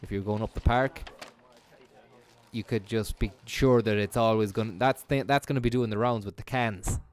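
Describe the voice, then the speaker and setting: A man's voice: fairly low pitch, steady tone, normal speed, smooth. A man doing rambling, profane live stream commentary, slipping into a mock announcer voice as he riffs.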